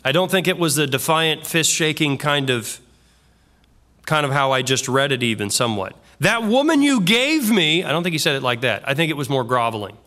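A man's voice: mid-range voice, a little fast, sharp tone. A man preaching an expository sermon in an earnest, conversational way, bringing in vivid everyday examples. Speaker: pastor.

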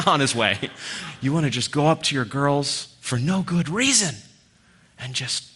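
A man giving a sermon as a guest preacher, earnest, swinging between loud emphasis and near-whispered lines. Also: on the high side, animated, measured pace, slightly rough.

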